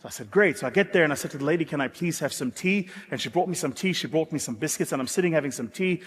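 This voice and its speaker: A South African man giving a motivational keynote, an animated and dramatic storyteller with self-mocking humor. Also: on the high side, rapid-fire, breathy edge. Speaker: keynote speaker. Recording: echoey hall.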